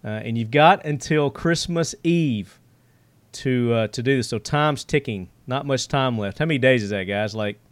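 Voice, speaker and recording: A man's voice: mid-range voice, moderate pace, smooth, no room sound. A man hosting a casual podcast, telling stories in a rambling way with lots of fillers and frequent chuckles. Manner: rambling storyteller, many fillers, chuckles often. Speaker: podcast host.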